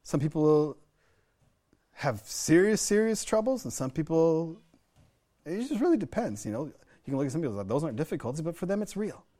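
A man's voice: a little high, sing-song, normal speed, pauses often, mellow. A middle-aged American man preaching a sermon, telling personal stories in an earnest way, often restarting and repeating words. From United States. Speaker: pastor.

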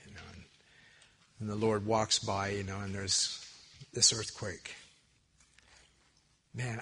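A man preaching a sermon in church, telling stories with animated, loud peaks and quiet asides. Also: fairly low pitch, husky. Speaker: pastor.

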